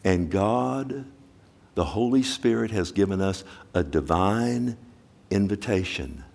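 A man preaching a sermon as a pastor, asking his congregation questions and swinging from loud exclamation to hushed, slow emphasis. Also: on the low side, lively intonation, creaky.

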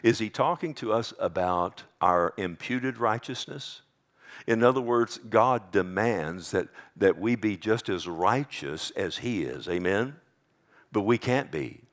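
A man with a Texas accent preaching a sermon, talking casually to the congregation and asking them for amens. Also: animated. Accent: Texan. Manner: conversational, calls out to congregation for amens; slows and drops low on scripture lines.

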